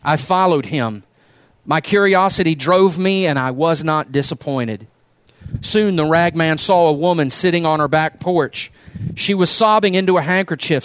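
A male pastor closing his sermon by reading a story aloud in an earnest, unhurried way. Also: fairly high pitch, dry recording.

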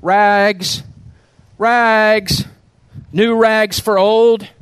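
A preacher voicing a tall, strong rag man who calls out his trade loudly and speaks gently to the people he meets. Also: on the high side, flat delivery, moderate pace, clear, resonant tone, no echo, lightly acted. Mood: calling out. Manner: loud ringing street calls.

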